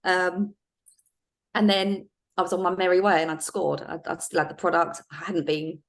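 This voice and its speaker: Lower-voiced woman telling stories. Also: normal speed. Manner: lively anecdotal storytelling with frequent laughs and fillers. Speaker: guest, former undercover police officer. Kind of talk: casual storytelling interview.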